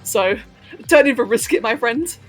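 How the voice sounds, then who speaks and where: A woman's voice: on the high side, lively intonation, normal speed. Woman, posh London accent, casual livestream chat, giggly, reads chat while playing, music faintly behind. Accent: posh London English, slightly Californian-tinged. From England.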